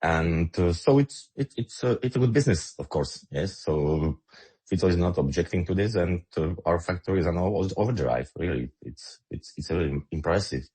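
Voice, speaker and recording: A man with a Slovak accent speaks English in an online audio discussion, emphatic and often repeating words as he finds his phrasing. His voice sits extremely low and has a husky, breathy grain. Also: normal speed, warm tone. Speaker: guest commentator.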